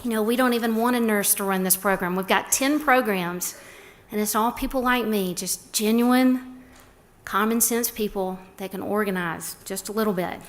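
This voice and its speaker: A middle-aged woman gives a prepared talk about a respite care program, warmly telling stories and acting out quoted lines. Her voice is medium-pitched at a normal speed.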